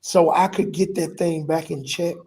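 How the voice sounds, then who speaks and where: A middle-aged pastor telling a personal testimony in a vivid, animated way, in casual vernacular with repeated phrases. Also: male voice, a little high, moderate pace, breathy edge. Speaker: pastor, guest.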